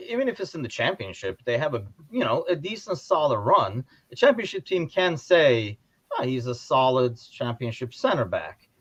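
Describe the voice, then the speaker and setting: A man's voice: fairly high pitch, muffled recording. A man hosting a casual livestream chat about sport, rambling with restarts and reading out viewer comments. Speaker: podcast host.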